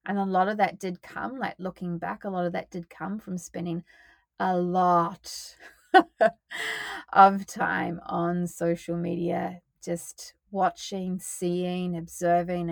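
A woman hosting her own podcast, talking solo in a loose, expressive way, swearing freely and sighing between thoughts. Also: lowish voice, no echo. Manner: expressive, swears freely, breathy sighs and laughs. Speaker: podcast host. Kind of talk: casual solo podcast monologue.

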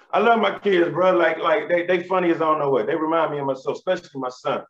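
A man in his thirties doing stand-up comedy, telling animated, profane stories in street slang. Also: a little high, fairly quick. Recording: roomy, slightly dull live recording.

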